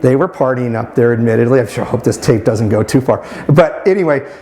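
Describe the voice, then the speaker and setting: A man in his fifties, remembering his school days in an interview. He speaks at a middle pitch with a fond, admiring tone, often pausing, restarting and filling gaps with "you know". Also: expressive, dark tone. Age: 50s. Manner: halting, with many restarts and "you know" fillers. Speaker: alumnus interviewee. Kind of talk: reminiscing interview answers.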